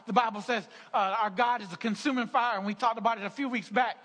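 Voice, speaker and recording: A man's voice: extremely high pitch, moderate pace, few pauses, pushed and bright. A middle-aged man preaching a sermon, with frequent restarts, repetitions and laughing asides. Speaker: pastor. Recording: hall reverb.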